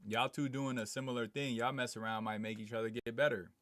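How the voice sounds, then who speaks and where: A man's voice: medium pitch, level tone, a little fast, a bit bright, no room sound. A man live streaming in a casual, slangy way, reading viewer comments aloud and chatting back. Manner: slangy, laid-back, reads chat aloud and answers it.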